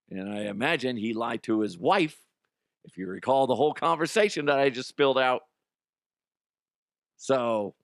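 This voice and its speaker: A man's voice: medium pitch, gravelly, fairly bright tone, no room sound, studio quality. A man hosting a show, telling a story in a blunt, profane, casual way. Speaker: show host, former radio producer.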